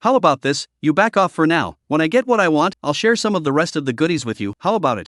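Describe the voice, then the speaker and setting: A man's voice: a little high, sing-song, fast, fairly bright tone, no room sound, clean studio sound. A man voicing a scheming, cruel old male demonic cultivator, speaking in a cold, scornful manner. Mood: sneering.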